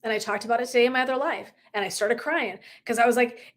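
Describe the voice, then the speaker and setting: A woman's voice: a little high, fast. A woman coach giving a live motivational talk, emphatic and profane, who laughs often and acts out little dialogues. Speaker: wellness and life coach.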